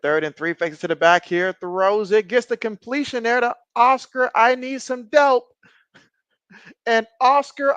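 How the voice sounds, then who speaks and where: A man streaming a game, giving casual play-by-play, reading viewer chat and joking often, getting excitable on big plays. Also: high voice, clean tone, no echo. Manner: jokey, excitable, often laughs. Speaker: live-stream sports commentator.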